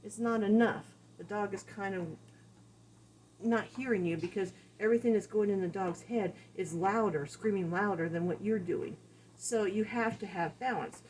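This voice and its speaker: A woman dog trainer explains her method in a relaxed, chatty way. Her voice sits at an ordinary middle pitch. A faint hiss of noise runs behind her. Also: normal speed, rough recording. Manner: casual, conversational, explains with examples and acted-out quotes. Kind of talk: instructional talk.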